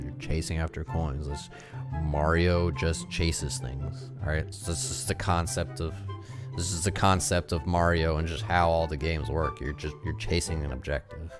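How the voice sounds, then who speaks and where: A man giving casual reaction commentary, sarcastically arguing back at critics and rambling with restarts. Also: extremely low pitch. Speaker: YouTube movie commentator.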